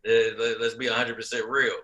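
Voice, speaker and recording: Young guy w a really bright sharp voice, emphatic, repeats stuff. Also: medium pitch, flat delivery, a little fast. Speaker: film crew member. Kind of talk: casual chat, game discussion.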